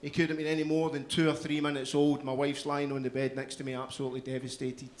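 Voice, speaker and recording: A middle-aged man with a Glaswegian accent, performing a stand-up comedy set on a club stage, with loud, punchy crowd work. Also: mid-range voice, little pitch movement, fast talker, a little hiss or hum. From Scotland. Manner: loud, punchy crowd work with frequent "you know what I mean".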